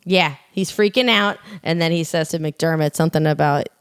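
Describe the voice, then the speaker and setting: Female podcast co-host, chatty and expressive, dry studio sound. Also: clear, resonant tone, no echo. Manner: chatty, quick interjections, lively pitch. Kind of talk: casual chat.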